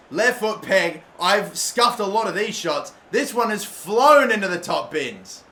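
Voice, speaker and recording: Swearing, exasperated young gaming commentator man. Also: high voice. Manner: swears constantly, bursts into loud frustrated outbursts. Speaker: gaming YouTuber. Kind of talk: live gameplay commentary. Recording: echoey room, faint background noise.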